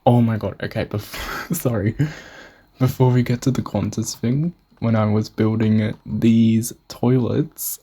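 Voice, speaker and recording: A man's voice: mid-range voice, dark tone, slight background noise. A young Australian man casually narrating a tour of his game build, rambling, swearing and mocking himself. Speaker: gamer showing a build.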